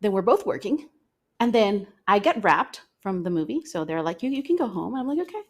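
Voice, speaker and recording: A young woman co-hosting a podcast, telling an animated story in casual chat and acting out the quotes. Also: mid-range voice, a little fast. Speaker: podcast co-host.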